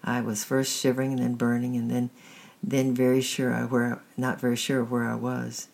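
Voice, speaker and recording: A woman hosting a story-time reading, narrating a chapter book in a steady, measured way. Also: extremely low pitch, creaky.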